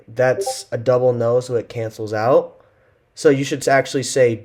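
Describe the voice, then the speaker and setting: A man's voice: medium pitch, steady tone, moderate pace, a little mellow. A man giving casual reaction commentary on text messages he is reading, exasperated and slangy, swearing often. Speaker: content creator.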